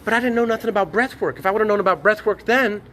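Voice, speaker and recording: A man ranting in a rambling, profane, preachy vlog monologue, talking excitedly to his phone camera. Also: high-pitched, quick pace, a little hiss or hum. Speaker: vlogger. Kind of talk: rambling selfie-video monologue. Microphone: phone on a tripod.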